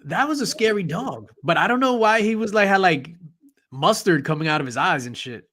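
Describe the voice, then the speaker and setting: A man's voice: high voice, lively intonation, fairly quick. Joking man hosting a pop culture chat. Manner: joking, loud and playful banter. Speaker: podcast host.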